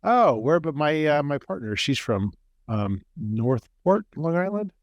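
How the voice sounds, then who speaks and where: A man's voice: a little high, very animated, measured pace, no echo, muffled recording. A man hosting an author interview on a video call, friendly and curious, often restarting his sentences. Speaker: podcast host and author. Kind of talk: casual interview chat.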